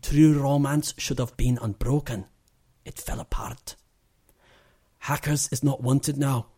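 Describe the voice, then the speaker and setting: A man putting on a terrible Scottish accent, reciting a funeral poem in slow, mock-grieving tones. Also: medium pitch, fairly even intonation, mellow, pitched above the performer's own voice. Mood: mock-solemn. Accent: put-on Scottish. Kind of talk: dramatic poetry reading.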